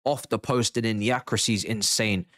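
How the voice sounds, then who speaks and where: A man hosting a live football watchalong, reacting in a slangy, excitable way, swinging between mumbled asides and shouted outbursts. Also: lowish voice, fast. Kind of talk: live match reaction commentary.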